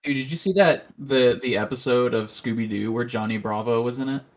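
A man guesting on a podcast, telling animated stories in a casual chat. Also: medium pitch, fairly quick. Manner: animated storytelling, laughs at own stories.

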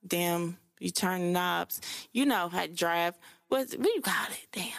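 Young woman, solo podcast host; casual, profane, slangy delivery, low gravelly voice. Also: measured pace, dry recording, clean studio sound. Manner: loose, profane and chatty, with slang and fillers.

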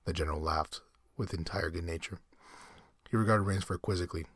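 Deep, husky man reading a story aloud. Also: fairly bright tone, no room sound, clean studio sound. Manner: plain, unhurried reading with small slips and self-corrections. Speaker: amateur story reader.

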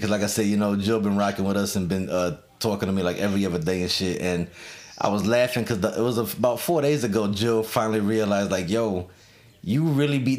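A man's voice: lowish voice, slight background noise. A man hosting a casual chat, swearing often and laughing through his stories. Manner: profane, laughing storyteller. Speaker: host.

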